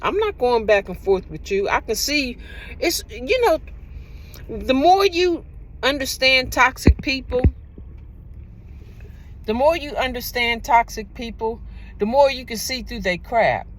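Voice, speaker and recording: A woman's voice: a little high, lively intonation, a little slow, long pauses. A woman talking casually to her own camera, giving relationship advice with rambling, repetitive, emphatic storytelling.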